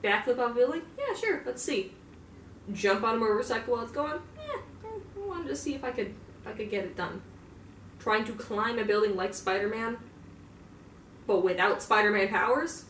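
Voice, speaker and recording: A young fan roleplayer gives a casual, profane in-character monologue, rambling with lots of fillers in a mid-range, somewhat bright voice. The mic is distant in a roomy space, with faint ambience and slight background noise.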